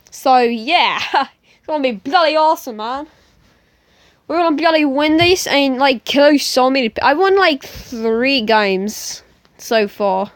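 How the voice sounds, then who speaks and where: High-voiced woman, put-on British accent. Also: no echo. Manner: loud, excitable, slang-heavy. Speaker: gaming YouTuber. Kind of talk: mobile game commentary.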